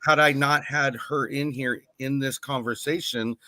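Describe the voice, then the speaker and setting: A man's voice: mid-range voice, steady tone, measured pace, pushed and bright, dry recording. A man hosting a casual group chat, earnestly organizing plans and thinking aloud as he talks. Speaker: channel host leading a group call.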